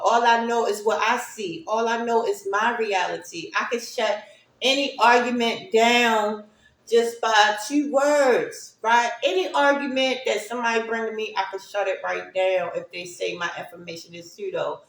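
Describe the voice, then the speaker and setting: A woman's voice: a little high, fairly even intonation, moderate pace. A woman giving a casual spiritual monologue to her stream viewers, rambling and often asking "right?" to check in with them. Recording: echoey room.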